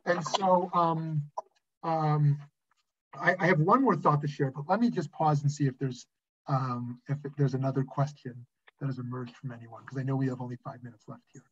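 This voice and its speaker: Male rabbi, husky, animated storyteller, teaching online through a lo-fi call. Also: medium pitch, moderate pace. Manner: animated, repeats "right?" and restarts often. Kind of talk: conversational online lesson with anecdotes. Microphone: video call. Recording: dull lo-fi video call audio.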